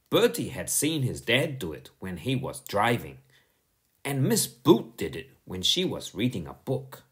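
A man narrating a children's audiobook in an expressive storytelling manner. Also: fairly low pitch.

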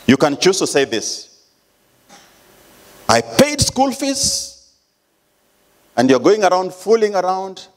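A Kenyan man gives a church sermon as an elder. He preaches in an emphatic, storytelling way, and his pitch rises and falls widely. His voice sits in a mid range for a man.

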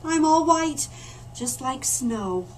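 A woman's voice: high voice, expressive, takes it slowly, far from the mic, a little hiss or hum. A woman voicing a shy, homesick young male polar bear in a read-aloud picture book, talking hesitantly. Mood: wistful. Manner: hesitant and wistful.

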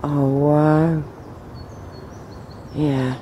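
A woman talking to the camera on an outdoor walk, meandering with many pauses and fillers. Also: low-pitched, flat delivery, dark tone, a little hiss or hum. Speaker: vlogger. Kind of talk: rambling walk-and-talk vlog.

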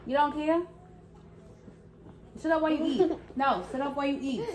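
High-voiced woman playfully scolding. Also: moderate pace, darkish tone, a little hiss or hum. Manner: playful scolding, talks to toddler and viewers. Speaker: parent vlogger. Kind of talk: casual prank vlog talk.

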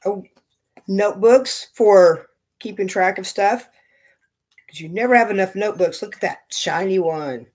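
A man's voice: high voice, unhurried, darkish tone. A man chatting casually as he opens fan mail on his knitting vlog, gushing and thinking aloud. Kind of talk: casual unboxing chat.

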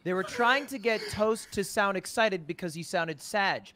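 A man telling what he saw in a casual game chat, in a measured way. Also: sits high, pushed and bright. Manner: storytelling, measured recounting. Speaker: gamer.

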